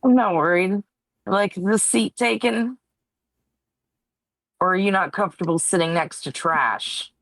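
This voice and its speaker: A woman's voice: mid-range voice, unhurried, pauses often, fairly bright tone, dry recording. A woman voicing a blunt, sardonic female dwarf in a tabletop game. The recording is close and dry. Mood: sarcastic. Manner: sarcastic, blunt.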